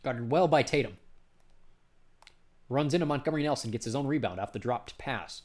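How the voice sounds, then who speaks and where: Man calling basketball play-by-play. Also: mid-range voice. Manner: brisk calling of each pass, voice jumps up on big shots. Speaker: play-by-play commentator.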